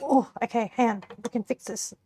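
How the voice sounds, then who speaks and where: A young woman's warm, slightly rough voice sits a little high and moves a bit fast as she chats with her stream audience. She's cooking and tasting a pie, giggly and talkative even while eating.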